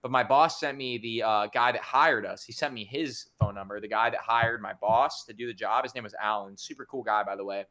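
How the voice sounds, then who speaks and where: A young man telling a story in a casual podcast chat, animated and swearing a lot as he acts out the people in it. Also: medium pitch, fairly quick, hardly any pauses.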